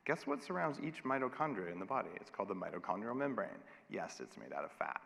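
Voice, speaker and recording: A man giving an energetic, emphatic conference keynote with a wry edge, speaking in a large hall. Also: fairly low pitch, gravelly. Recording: long hall reverb.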